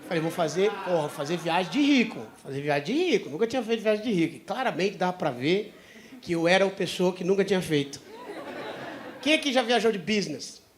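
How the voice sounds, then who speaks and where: A man with a Brazilian Portuguese accent doing stand-up, telling a loud, profane story. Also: sits high, lively intonation, fast, some chatter behind. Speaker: stand-up comedian.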